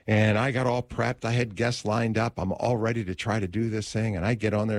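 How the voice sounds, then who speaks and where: A middle-aged man with a fairly low speaking voice tells a personal story in an interview. He is an animated storyteller who acts out the scenes and often stumbles and restarts his phrases. The sound is close and dry. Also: a little fast, hardly any pauses, no room sound. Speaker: talk radio host.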